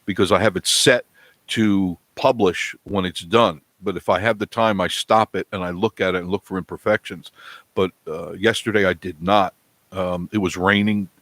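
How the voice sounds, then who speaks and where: A man's voice: sits low, no room sound. Rambling man chatting on a live stream. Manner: rambling, animated storytelling with acted-out quotes. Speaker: vlog host. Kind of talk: casual live-stream chat. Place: home studio indoors.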